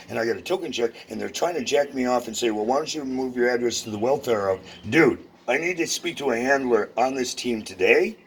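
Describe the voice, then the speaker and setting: A man with a gravelly, rough-edged voice, heated and profane, ranting at office staff and into a phone. He is standing in a social security office, and faint noise hangs behind him. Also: mid-range voice, a bit bright. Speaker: complainant at a government office. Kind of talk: angry confrontation and phone call.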